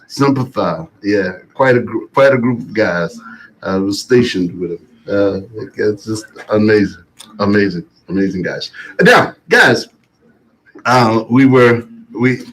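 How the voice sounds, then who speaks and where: A man's voice: fairly low pitch, expressive, a little slow, fairly bright tone, low-quality recording. A man hosting a morning radio talk show, chatting casually and laughing often, with some repeated words.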